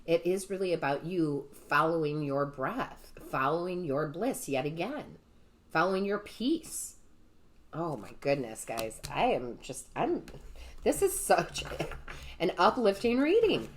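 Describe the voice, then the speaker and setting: With a slight hiss or hum in the audio, this tarot reader and medium talks in a low, very animated voice without rushing. Her casual reading for viewers is full of gushing enthusiasm, frequent "right?" questions, and plenty of "guys."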